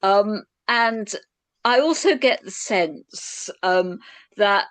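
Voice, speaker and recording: A woman on a video call in a book discussion, thoughtful and hesitant with many pauses. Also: mid-range voice, animated, fairly bright tone, no echo. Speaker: reading group participant.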